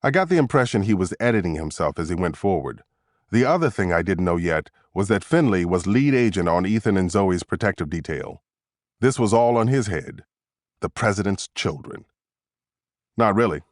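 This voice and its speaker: A man narrating a thriller audiobook in the first person, with steady, tense storytelling. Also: low voice, moderate pace, no echo, clean studio sound.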